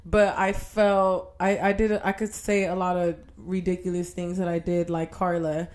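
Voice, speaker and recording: A young woman with a slightly low voice co-hosts a podcast. She talks frankly and teasingly and laughs easily. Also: little pitch movement, normal speed, darkish tone. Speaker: podcast co-host. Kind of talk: candid casual chat.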